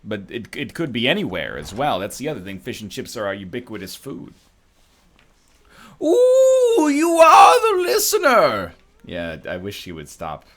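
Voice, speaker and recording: Animated man gaming commentary. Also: on the low side, a little fast, few pauses. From Canada. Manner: rambling, jokey, slips into mocking voices. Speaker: let's play commentator.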